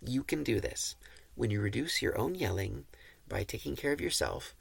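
A man hosting a podcast who reads and explains parenting advice in a calm, instructive, measured way. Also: mid-range voice, gravelly, slightly rough, no echo. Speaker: podcast host.

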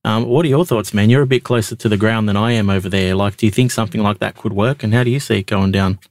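A man's voice: lowish voice, fast talker, dry recording, studio quality. Laid-back Australian man hosting calls. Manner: laid-back, matey, restarts phrases. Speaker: podcast host. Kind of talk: casual call-in chat.

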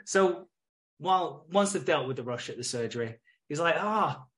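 A man's voice: on the high side, expressive, moderate pace, a bit bright. Wry British man retelling scenes. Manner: wry storyteller, acts out characters' lines. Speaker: podcast co-host. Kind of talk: casual chat recapping a soap episode.

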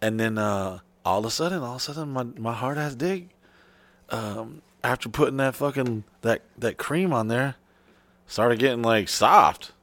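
A man's voice: medium pitch, animated, moderate pace, a bit bright, no echo. Profane rambling storyteller guy. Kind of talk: crude casual chat.

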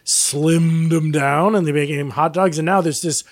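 Podcast co-host, male, chatty storyteller, lots of fillers, slightly high voice. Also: a little slow, no room sound, studio quality. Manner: rambling, animated storytelling with many fillers. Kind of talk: casual chat.

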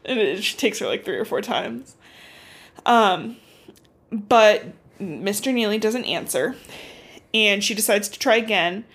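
A young woman co-hosting a podcast, casually recapping a book as an animated storyteller who swears and uses lots of fillers. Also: mid-range voice, measured pace, long pauses, breathy edge. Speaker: podcast co-host.

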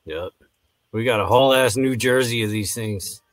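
A man's voice: medium pitch, moderate pace, dry recording. A man co-hosting a podcast, chatting loosely and swearing casually as he reacts to the episode. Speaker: podcast co-host. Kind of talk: casual recap chat.

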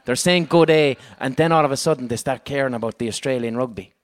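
A man's voice: mid-range voice, fast talker. An Irish man hosting a live comedic chat in front of an audience, swearing a lot and laughing often. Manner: animated, swearing, bursts of laughter. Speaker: podcast host.

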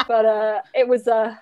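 A woman in a casual podcast chat, animated and gossipy, often slipping into little mimicking voices. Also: fairly high pitch, clean tone.

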